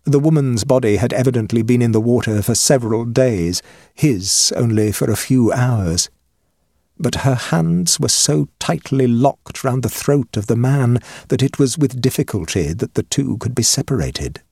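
Man narrating, husky voice, lively expressive pitch, dry close mic. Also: normal speed, no echo. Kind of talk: audiobook reading of a ghost story.

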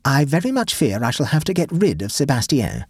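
A man's voice: on the high side, big pitch swings, fairly quick, slightly rough, dry recording, studio quality, pitched above the performer's own voice. Man reading as an anxious old clergyman.

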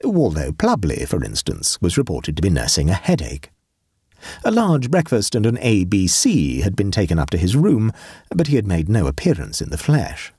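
Man reading a story aloud, husky and low, swings all over, dry close sound. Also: normal speed, no room sound. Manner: wry and expressive. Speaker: narrator. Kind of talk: audiobook narration.

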